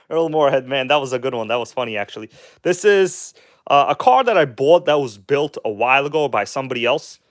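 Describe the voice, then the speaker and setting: Talking enthusiastically and bluntly to "guys" on his live stream, a man rambles in a casual, chatty way, swearing here and there. His ordinary middle-pitched voice has lively intonation and a brisk pace, recorded dry and up close with no echo.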